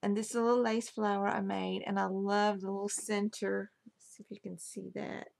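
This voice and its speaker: A woman's voice: medium pitch, flat delivery, normal speed, vocal fry, a little mellow. A woman casually showing off a handmade album she crafted, gushing over every detail. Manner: gushing, admiring each detail. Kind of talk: casual craft show-and-tell.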